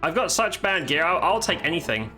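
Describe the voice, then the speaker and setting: A man's voice: on the high side, very animated, a little fast. A man streaming live gameplay with commentary, swearing and exclaiming while chatting to viewers. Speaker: game streamer. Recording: game music underneath. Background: faint game music.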